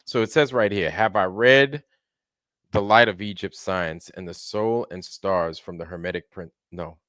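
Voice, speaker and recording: A relaxed man chats on his livestream and greets viewers one at a time. His voice sits fairly low. The sound is close and dry, with no room around it. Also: measured pace, no room sound. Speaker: livestream host. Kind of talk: casual livestream chat.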